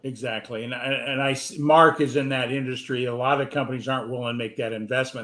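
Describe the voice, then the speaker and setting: A man's voice: medium pitch, steady tone, fast talker, fairly bright tone. A man hosting an interview, agreeable, repeating points for emphasis. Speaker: show host. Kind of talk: casual interview chat.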